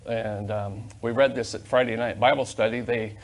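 An older man preaching a sermon as pastor in a church, fervent, swinging between loud emphasis and quiet asides, on a corded mic. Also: medium pitch, fairly even intonation, moderate pace. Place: church sanctuary.

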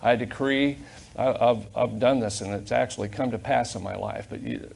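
An older man preaching a sermon as pastor in a church, fervent, swinging between loud emphasis and quiet asides, on a corded mic. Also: mid-range voice, steady tone, moderate pace, creaky, a little hiss or hum. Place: church sanctuary.

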